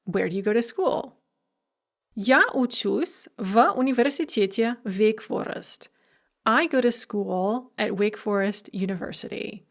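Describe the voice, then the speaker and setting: A woman lecturing on language grammar in a recorded university lecture, explaining clearly and methodically with the odd filler. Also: a little high.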